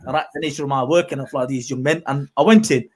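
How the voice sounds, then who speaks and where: A man talks casually as a podcast host, his voice sitting in the middle range. He is animated and keeps jumping into acted-out quotes in a higher, louder voice. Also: fast talker. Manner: animated, acts out quotes in a raised voice.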